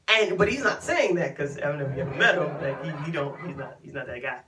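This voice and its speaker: A woman's voice: deep voice, expressive, fast talker, hardly any pauses, bright, forceful tone, far from the mic, poor audio. A woman from Chicago, hosting a live stream and telling a casual story to her viewers, laughing often and acting out what people said. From Chicago, USA. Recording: voice sounds from away from the mic.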